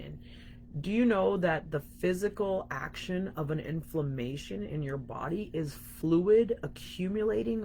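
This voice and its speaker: A woman's voice: deep voice, darkish tone, a little hiss or hum. A young woman coaching viewers in a frank, emphatic live-stream talk, swearing casually and calling them guys. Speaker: spiritual coach.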